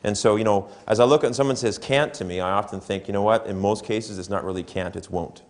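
A man's voice: lowish voice, quick pace. A man giving a motivational keynote at a conference, talking conversationally and asking the audience questions. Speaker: keynote speaker. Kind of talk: motivational seminar talk. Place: conference hall before an audience.

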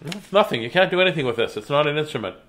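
A playful man hosts a children's reading livestream, his voice sitting a bit higher than most men's. He chats loosely with the viewers and keeps slipping into goofy chants and ringside announcer bits. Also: expressive, rapid-fire, very noisy. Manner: playful and silly, breaking into sing-song chants and announcer voices. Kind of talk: casual live chat to young viewers.

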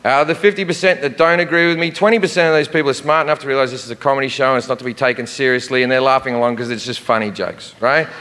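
A middle-aged man performing profane stand-up comedy, swinging from shouting to muttered asides. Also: mid-range voice, steady tone, rapid-fire, hardly any pauses. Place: large theater with a live audience. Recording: live concert recording in a reverberant hall, audience laughter. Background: crowd laughter and room noise.

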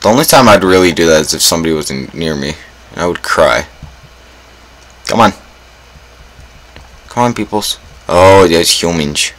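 A young man talks through a game in a very low, deep voice. His commentary is casual and self-mocking, peppered with groans and sudden dramatic exclamations. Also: lively intonation, normal speed, pauses often, fairly bright tone, poor audio. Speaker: gaming YouTuber.

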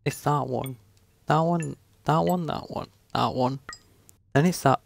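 Slow, gravelly game streamer. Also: male voice, fairly high pitch. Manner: frustrated, swearing, self-mocking. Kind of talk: live gameplay commentary.

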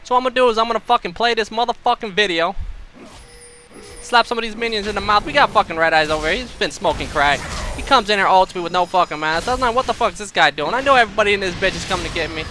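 A man's voice: high voice, rapid-fire, bright, forceful tone, slight background noise. A man streaming, giving swaggering, profanity-heavy trash-talk commentary over his own gameplay. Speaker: game streamer.

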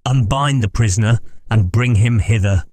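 A man reading an audiobook, voicing an earnest young gentleman who defies his mother. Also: on the low side, normal speed, a little hiss or hum, lightly acted. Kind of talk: audiobook character voice.

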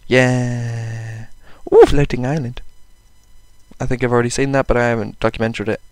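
A young man talks through his gameplay in a self-mocking, casual way, swearing freely and bursting into loud outbursts at the game. His voice is smooth and clear. It is recorded close and dry, with no room sound, at a middling pitch. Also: steady tone, moderate pace, no echo. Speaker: gaming channel host.

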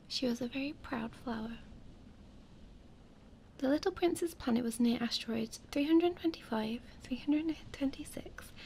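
A woman reading a children's book aloud as a soothing, soft-spoken whispered role-play for sleep. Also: sits high, vocal fry, slight background noise. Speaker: storyteller.

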